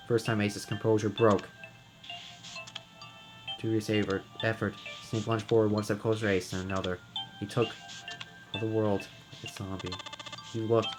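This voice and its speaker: A man with a lowish voice narrates a visual novel, reading it dramatically. He trips over a word now and then, and faint music plays under him. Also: little pitch movement, moderate pace, long pauses. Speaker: game reader and narrator.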